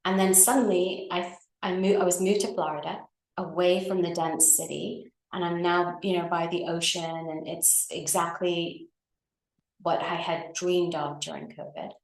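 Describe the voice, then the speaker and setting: A woman's voice: lowish voice, steady tone, normal speed, gravelly. A middle-aged woman on a video call tells a personal story in a chatty way, often tagging her sentences with "right?" and "you know". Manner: chatty, with frequent tag questions and fillers. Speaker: guest. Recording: echoey room.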